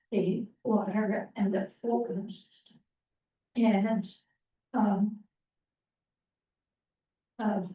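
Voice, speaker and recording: A woman presenting to a town planning meeting, speaking slowly with many pauses and ums. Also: mid-range voice, dark tone. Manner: slow, halting, many ums. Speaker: open space committee presenter. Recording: roomy, distant, muffled meeting audio.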